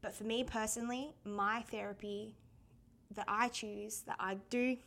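Chatty Australian woman, slightly high voice. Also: fairly even intonation, unhurried, creaky, fairly bright tone. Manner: chatty and candid, laughs often while telling stories. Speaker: podcast host. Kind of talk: casual personal storytelling.

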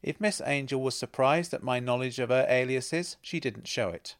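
A man's voice: mid-range voice, normal speed. A man reading first-person narration in a wry, understated way.

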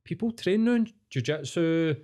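A Scottish man, a podcast co-host, telling a story in casual chat, swearing freely and getting animated. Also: on the high side, moderate pace.

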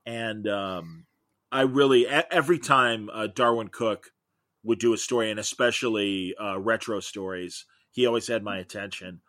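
A middle-aged man talks as a guest in a relaxed interview. He rambles through long stories with real enthusiasm, and his voice sounds bright and lively. The sound is close and dry, with no room around it. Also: on the low side, normal speed, dry recording. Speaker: guest, comics podcaster. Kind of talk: casual interview chat.

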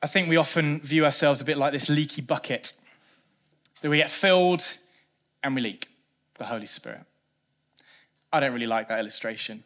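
A man preaching a sermon, swinging between loud emphatic lines and quiet low ones, with a self-mocking touch. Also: normal speed, long pauses. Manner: animated preaching, rising loud for emphasis then dropping soft. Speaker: pastor.

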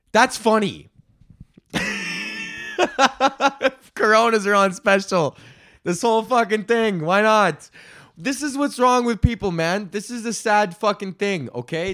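A man's voice: on the high side, fairly bright tone. A man hosting his own podcast in a casual ranting monologue, swearing constantly, rambling and laughing often. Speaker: podcast host.

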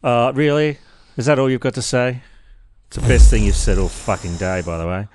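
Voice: mid-range voice, lively intonation, brisk, darkish tone, a little hiss or hum. A podcast co-host in casual banter, playful and mocking, laughing often.

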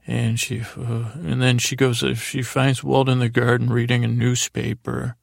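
Gravelly man rambling in a flat voice. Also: medium pitch, a little slow, no echo, studio quality. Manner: meandering, self-correcting, paraphrases characters loosely. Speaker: podcast host. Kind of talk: rambling sleepy recap of a TV episode.

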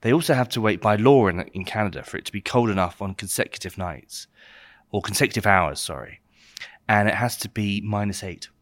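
A man's voice: fairly low pitch, a little fast, fairly bright tone. A man presenting wines in a casual chat, explaining with enthusiasm. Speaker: wine expert presenting wines.

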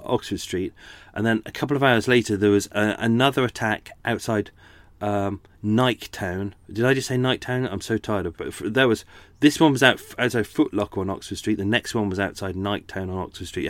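A man's voice: lowish voice, dry recording. Tired man chatting. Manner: rambling, self-correcting, chatty. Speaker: podcast host. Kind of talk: casual chat. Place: at home indoors.

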